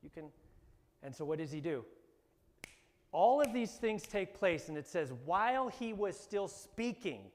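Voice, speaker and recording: Animated pastor in an echoing hall. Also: male voice, sits high, a little slow. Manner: animated, rising to emphatic bursts, acting out voices in quotes. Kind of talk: sermon. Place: church hall. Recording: long hall reverb.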